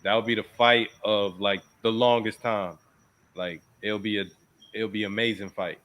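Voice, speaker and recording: A man's voice: fairly low pitch, steady tone, moderate pace, a bit bright, muffled recording. A man co-hosting a casual sports podcast, arguing his picks with emphatic slang. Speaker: podcast co-host.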